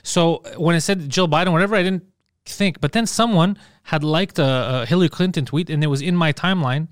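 A man's voice: on the high side, a little fast, dry recording, clean studio sound. A man co-hosting a podcast, telling stories in casual comedic chat, acting out quotes and swearing freely. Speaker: podcast co-host.

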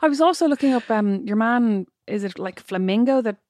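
A woman's voice: on the high side, animated, brisk, a little mellow, dry recording, clean studio sound. A woman in her thirties with an Irish accent, chatting playfully as podcast co-host. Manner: playful, jokey. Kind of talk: casual chat.

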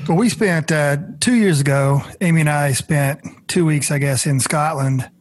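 A man's voice: on the high side, normal speed, soft background music. A man hosting an interview, asking curious questions and cracking jokes. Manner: curious and joking. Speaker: podcast host.

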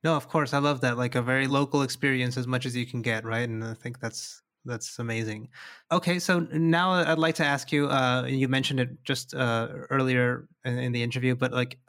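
A man's voice: mid-range voice, fairly even intonation, fairly bright tone. A man hosting an interview, asking long questions with frequent restarts and fillers. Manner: halting, many restarts and fillers. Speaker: podcast host, interviewer.

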